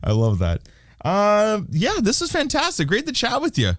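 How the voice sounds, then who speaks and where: Male podcast host, mid-pitch, wisecracking, dry close mic. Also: wildly swooping pitch, normal speed, fairly bright tone, dry recording. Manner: joking, irreverent, plugs the show. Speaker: interview host. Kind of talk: casual interview chat.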